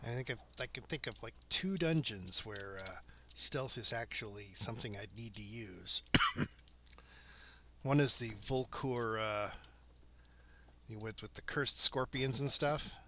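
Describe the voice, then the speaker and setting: Male game streamer, laid-back commentary with dry humor; slow, crisp gravelly voice. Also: mid-range voice, a little hiss or hum. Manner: relaxed, chuckling, dry asides. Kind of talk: casual gameplay commentary.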